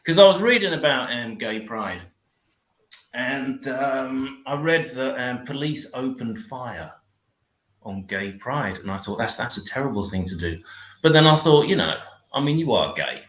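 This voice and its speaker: A man doing a deadpan, crude stand-up routine on a comedy panel show. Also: mid-range voice, a little slow. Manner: deadpan, crude one-liners. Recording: echoey room.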